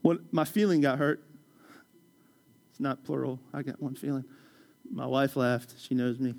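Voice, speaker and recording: A man's voice: mid-range voice, fairly even intonation, unhurried, vocal fry, darkish tone. A man preaching a sermon as pastor. He talks conversationally, tells stories and jokes with the congregation. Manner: conversational, storytelling, joking with the congregation.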